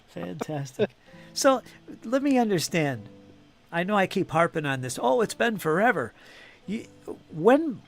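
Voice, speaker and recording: A man's voice: high-pitched, very animated, unhurried. A middle-aged man hosting a live stream, chatting casually and jokingly, laughing often. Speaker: stream host. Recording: background music on a live stream.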